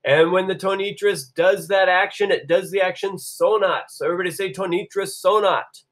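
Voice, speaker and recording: Guy teaching latin, kinda high voice, has everybody repeat after him, stretches out the phrases. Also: steady tone, a bit bright. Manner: call-and-response, drawing out Latin phrases slowly. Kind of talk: classroom-style video lesson.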